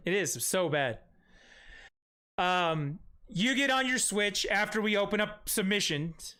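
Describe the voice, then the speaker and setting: A man hosting a casual live stream in a high, bright voice. He rambles through the chat with profane, self-mocking asides, and his speech comes out smooth and clear. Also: expressive, slow. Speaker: stream host.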